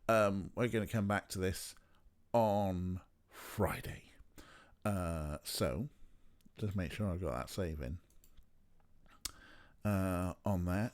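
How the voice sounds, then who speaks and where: A man's voice: lowish voice, vocal fry. A young man chatting casually while streaming a game, rambling with playful asides. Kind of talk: casual let's play chat.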